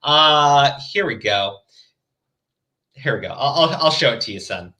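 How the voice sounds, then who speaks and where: A man hosting a commentary podcast, chatting casually and profanely, animated and mocking as he quotes others. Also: medium pitch, measured pace.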